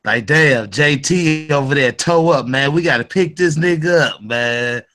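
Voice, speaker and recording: A man's voice: a little high, measured pace, fairly bright tone. A man making laid-back, drawled remarks in a casual chat among friends.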